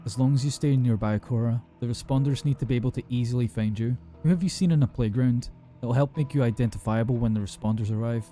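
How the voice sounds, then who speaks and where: A calm emergency operator, voiced by a male narrator, gives steady, patient instructions over the line. The voice is dark and mellow at a middling pitch, with faint music under this horror storybook reading. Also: fast talker, lightly acted.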